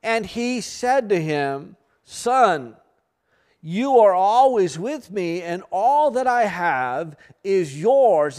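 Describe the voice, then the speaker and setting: A man's voice: sits high, very animated, drawn-out words, a little mellow. A man preaching a sermon, reading scripture aloud and adding earnest, plain-spoken asides.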